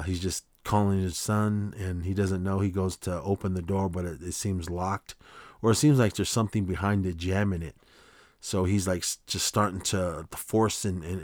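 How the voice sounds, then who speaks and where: A man's voice: deep voice, no room sound, clean studio sound. A man hosting a podcast, casually recapping a short film in a rambling way, with frequent fillers and restarts. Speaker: podcast host.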